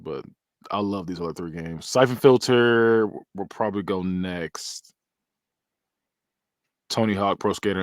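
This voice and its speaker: Animated man hosting a gaming chat. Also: fairly low pitch, no echo, studio quality. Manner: animated, laughs often, drawn-out talk. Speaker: podcast host.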